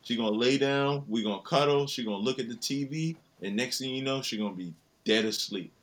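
A man's voice: mid-range voice, fairly quick. A young man, a father, chatting casually about his daughter in a slangy, profane, laid-back way. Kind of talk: casual chat.

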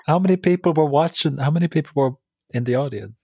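Husky-voiced male co-host. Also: a little high, fast talker, darkish tone, no echo. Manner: amused, teasing. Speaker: podcast co-host. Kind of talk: casual chat.

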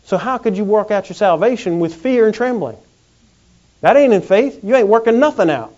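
A man preaching a sermon in a folksy, animated way. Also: sits high. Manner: folksy, animated, acts out quick comic voices. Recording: dull lo-fi recording.

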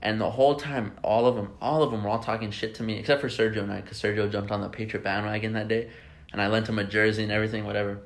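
Young man telling excited stories. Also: on the low side, rapid-fire. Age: young adult. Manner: excitable storytelling, swears freely. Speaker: podcast host. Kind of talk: casual chat.

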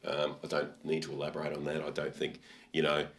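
A man hosting a casual podcast, speaking in a very low, deep register. He chats loosely and thinks aloud, often restarting his sentences. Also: completely flat delivery, a little fast. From Australia. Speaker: podcast host. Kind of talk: casual conversational interview.

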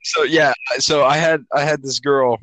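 A man's voice: a little high, fairly even intonation, moderate pace, fairly bright tone, no room sound, poor audio. A young man in casual chat, laid-back and laughing while he talks.

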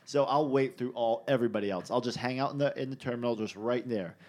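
A man hosting a relaxed conversation show. He chats easily and turns small moments into playful bits, with a light, joking manner. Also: mid-range voice, fast talker. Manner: playful, jokey asides. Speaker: podcast host. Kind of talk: casual chat.

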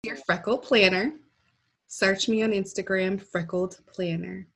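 A woman from Milwaukee, Wisconsin, co-hosting a podcast in casual chat, telling stories with animated quoted voices. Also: medium pitch, a little slow, creaky, husky. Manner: lively storyteller, animated quotes. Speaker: podcast co-host. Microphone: phone or remote line.

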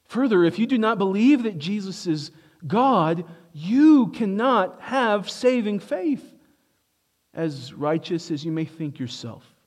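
Pastor guy preaching to his church, kinda high voice, pushes hard on big points then goes low and quiet. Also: very animated, takes it slowly. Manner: emphatic preaching, rising to stress points and dropping low for asides. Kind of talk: sermon.

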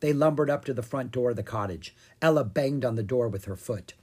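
A storybook narrator reading a children's book aloud in an animated way. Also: mid-range voice, fairly quick, husky. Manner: animated, expressive. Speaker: audiobook reader.

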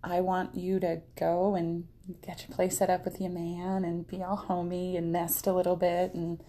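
Chatty lower-pitched young woman. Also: moderate pace, a little hiss or hum. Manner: chatty, animated, laughs often. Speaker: podcast co-host. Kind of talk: casual chat.

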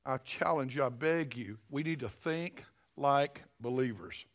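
A man's voice: medium pitch, measured pace. A middle-aged man, preaching a sermon in a folksy, emphatic way and repeating his phrases. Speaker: pastor.

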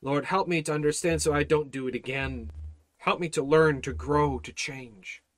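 A man's voice: fairly high pitch, moderate pace, dry recording. A man teaching an informal Bible study, exhorting his listeners with rhetorical questions, repeated phrases and frequent restarts. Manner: many restarts and repeated words.

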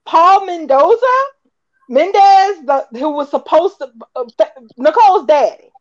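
A woman's voice: extremely high pitch, expressive, measured pace. A woman in a casual chat who rambles hesitantly and keeps restarting her thoughts. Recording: dull lo-fi sound.

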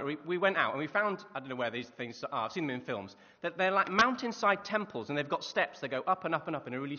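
A man preaching a sermon in a church, telling stories and asking the listeners questions. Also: fairly high pitch. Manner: lively storytelling with rhetorical questions. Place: church hall. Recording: muffled reverberant hall recording.

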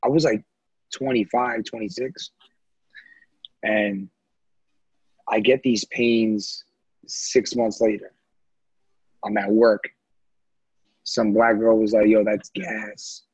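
A man's voice: fairly low pitch, slow pace, gravelly, long pauses, darkish tone, breathy edge, no echo, muffled recording. A man on a podcast telling a story in casual chat, blunt and profane. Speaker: podcast co-host.

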